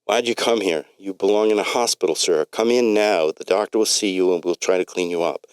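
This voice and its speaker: A man's voice: deep voice, fairly quick, smooth, no echo, natural voice. A man voicing a curt, scolding receptionist in a read-aloud story. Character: stern office receptionist.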